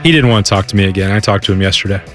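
A man's voice: fairly low pitch, very fast, fairly bright tone, soft background music. A man guesting on a sports radio show, talking casually in a self-deprecating, rambling way.

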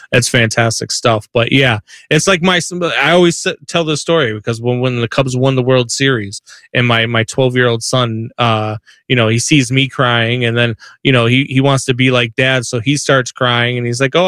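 A man in his thirties or forties co-hosting casual sports talk, excitable and quick to repeat and restart his phrases. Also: mid-range voice, no room sound, studio quality.

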